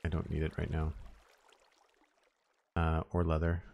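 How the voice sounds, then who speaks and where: A man's voice: extremely low pitch, monotone, unhurried, gravelly, muffled recording, very noisy. A man streaming a survival game, thinking aloud and mumbling as he plays, trailing off with "uh" and reading chat now and then. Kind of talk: casual gameplay commentary.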